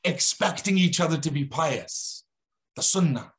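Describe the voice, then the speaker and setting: A man telling a religious story dramatically, acting out the characters' dialogue. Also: unhurried. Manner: dramatic, acts out dialogue with shifting pitch.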